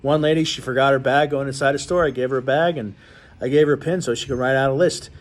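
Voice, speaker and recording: A man's voice: mid-range voice, steady tone, fast talker. A man hosting his own show, ranting bluntly and rambling to his viewers with many restarts. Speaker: show host. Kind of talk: casual rant to viewers.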